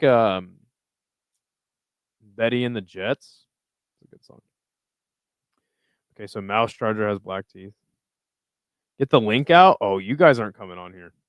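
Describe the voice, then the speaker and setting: Smooth-voiced young man chatting loosely. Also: on the low side, no room sound, highs cut off. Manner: loose, profane, rambling. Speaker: livestream host reading chat. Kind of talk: casual live chat.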